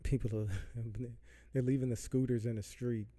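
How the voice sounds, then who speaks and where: A man's voice: medium pitch, level tone, normal speed, warm tone. A man hosting a podcast, ranting heatedly about politics with lots of profanity and repetition. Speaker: podcast host. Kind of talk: political rant. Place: Southern California.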